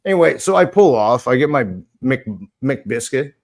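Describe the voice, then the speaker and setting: A man's voice: mid-range voice, expressive, moderate pace. A man in his forties telling a heated, profane story in casual podcast chat. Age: 40s. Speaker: former podcast host.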